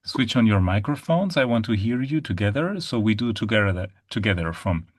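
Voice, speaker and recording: A man's voice: on the low side, very animated, no room sound, studio quality. A man teaching an online language lesson, patiently modelling sounds over a video call. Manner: patient, demonstrates sounds slowly. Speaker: German teacher.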